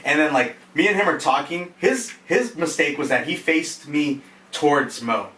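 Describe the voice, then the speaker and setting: Young man, casual story, bright voice, heard from off-mic, echoey room, faint noise. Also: on the high side, normal speed, far from the mic. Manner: animated, laughing, swears often, many fillers. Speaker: guest telling a story.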